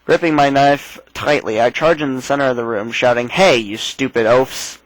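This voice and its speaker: A man's voice: mid-range voice, normal speed, no room sound, rough recording. A man hosting a let's play, casually reading a text game aloud and adding his own asides. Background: faint game music.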